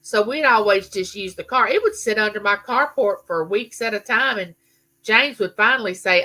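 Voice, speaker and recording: A woman's voice: medium pitch, moderate pace, pushed and bright. A middle-aged woman, telling a story in a casual live chat and answering viewers. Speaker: livestream host.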